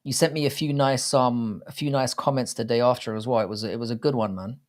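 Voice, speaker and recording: Guy in his 30s streaming a watchalong, swearing a lot, blunt and rambly, chatting with viewers, mid pitch. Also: steady tone, quick pace. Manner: profane, blunt, rambling banter with chat. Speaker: livestream host. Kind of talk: casual livestream watchalong commentary.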